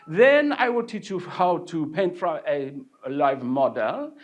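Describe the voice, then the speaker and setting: A man voicing a snooty, scornful older male art master who lectures and yells at a young student. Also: fairly high pitch, very animated, a little slow, muffled recording. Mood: lecturing. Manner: lecturing, then yelling.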